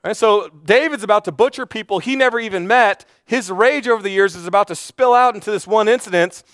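Dry, animated preacher man with a high voice. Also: a little fast, dry recording. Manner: animated storytelling, acting out the characters' lines. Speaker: pastor. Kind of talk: sermon.

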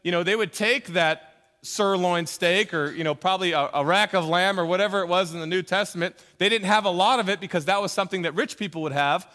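High-voiced pastor preaching in a hall. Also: male voice, fast, bright, forceful tone. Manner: conversational, jokey asides, emphatic. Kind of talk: sermon.

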